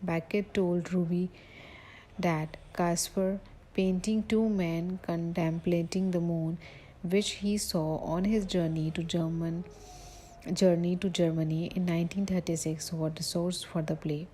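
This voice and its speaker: A woman giving a recorded literature lecture, reading from notes haltingly, with slips and self-corrections. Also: lowish voice, fairly even intonation, mellow, a little hiss or hum, poor audio.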